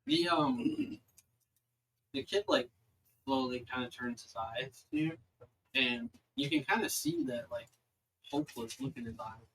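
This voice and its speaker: A man's voice: mid-range voice, wildly swooping pitch, a little slow, vocal fry, pauses often, a bit bright, slight background noise, rough recording. A young man narrating as dungeon master, rambling with many fillers. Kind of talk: narrating a tabletop game.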